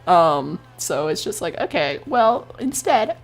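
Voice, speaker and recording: Husky-voiced woman streamer, rambling. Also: fairly low pitch, very animated, slow pace, soft background music. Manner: rambling, swears a lot, laughs often. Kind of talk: casual recap of a role-play story.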